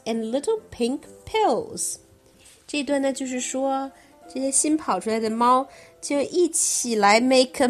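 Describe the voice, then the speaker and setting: Woman, mother reading aloud, storybook voice, unhurried, sing-song and lively. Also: high voice. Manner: slow, lively reading with explanations in between. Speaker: mother reading to her child. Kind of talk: bilingual storybook read-aloud.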